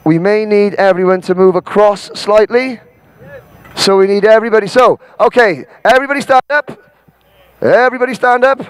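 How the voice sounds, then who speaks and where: A Welsh man from Wales hosting an event, directing a crowd with bossy jokes and shouting out names. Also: high-pitched, moderate pace, clean tone. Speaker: event host. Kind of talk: directing a crowd and calling a roll.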